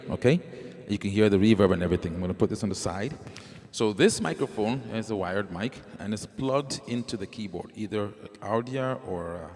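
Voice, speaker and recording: A man with a fairly low, darkish voice casually walks livestream viewers through a keyboard demo step by step, singing at times and checking comments as he goes. He uses a wireless handheld mic, keyboard music plays, and a long reverb tail trails his voice.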